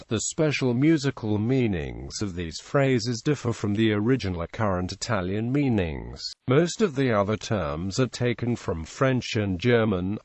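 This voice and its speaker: A computer-generated man's voice reading out an encyclopedia article in an even, mechanical way. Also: medium pitch, no room sound.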